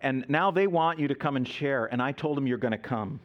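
A man's voice: mid-range voice, fairly quick, highs cut off. A man preaching, telling a mission story and acting out the voices of the people in it. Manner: animated storyteller, acts out quoted voices. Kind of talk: sermon storytelling.

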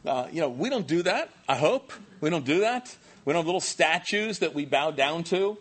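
A pastor giving a sermon, telling the story in a conversational, animated way with many fillers. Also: male voice, on the high side, moderate pace, breathy edge.

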